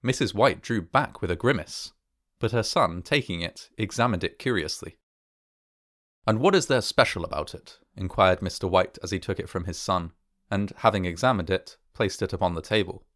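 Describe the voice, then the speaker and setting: Low-voiced man reading a horror story. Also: moderate pace, fairly bright tone, dry recording, studio quality. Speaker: narrator.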